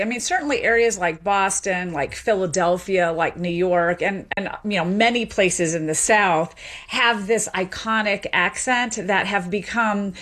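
A woman from the United States talks as an expert guest in an interview. She explains points clearly and fluently, with an easy laugh. Her pitch sits in a middle range. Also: a bit bright. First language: French spoken at home by parents. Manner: articulate, explanatory, laughs easily. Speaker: guest, accent expert and author. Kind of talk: radio interview.

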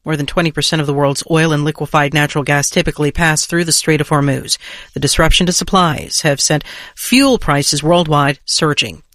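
A woman newscaster reading a national news bulletin in a crisp, measured way. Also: low voice, fairly even intonation, a bit bright, no echo, clean studio sound.

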